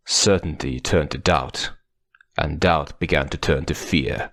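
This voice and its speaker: Casting: male audiobook narrator, deep and gravelly, measured dramatic pacing. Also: a bit bright, dry recording. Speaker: audiobook reader.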